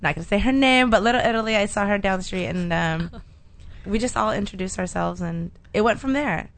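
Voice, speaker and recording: Soft-spoken woman guest telling a story. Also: medium pitch, a little fast. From Los Angeles. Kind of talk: casual chat.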